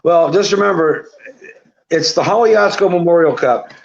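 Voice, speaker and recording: A man, a tournament referee and guest, chatting casually with a showman-like, drawn-out way of announcing. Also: on the high side, creaky. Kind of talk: casual chat. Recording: dull lo-fi audio. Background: dog barking.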